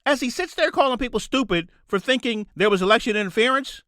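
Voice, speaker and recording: A man holds forth alone on his podcast with a lively, swinging pitch and a forceful edge to his voice. He rants and hammers his points home by repeating them, close on the mic in a dry room with no echo. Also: fast. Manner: ranting, repeats points for emphasis. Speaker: podcast host. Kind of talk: solo political commentary.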